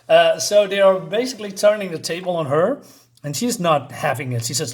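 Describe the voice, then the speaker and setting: A man talks through a comic book in a casual, halting way, pausing often on fillers. His voice sits high for a man and moves around a lot as he retells the scenes. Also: lively intonation. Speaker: comic reviewer.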